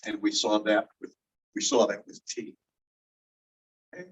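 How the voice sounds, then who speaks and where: A male teacher giving a recorded lecture, patiently explaining and slowly repeating example words. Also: on the low side, fairly even intonation, slightly rough. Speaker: linguistics teacher. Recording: distant, dull lecture recording.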